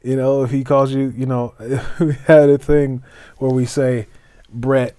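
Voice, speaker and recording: A man hosts a solo wrestling podcast in a loose, rambling way, full of fillers and restarts, with bursts of mock-grand announcer flourish. His voice sits at a middling pitch, and the recording is dry with no room echo. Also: flat delivery, unhurried, dark tone, clear, resonant tone. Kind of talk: solo casual podcast chat.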